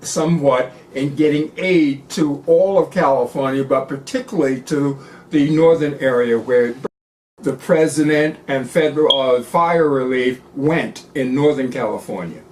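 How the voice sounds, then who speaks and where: A man co-hosting a talk show who speaks in a measured way and asks follow-up questions. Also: mid-range voice, far from the mic, slight background noise, rough recording. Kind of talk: casual talk-show conversation.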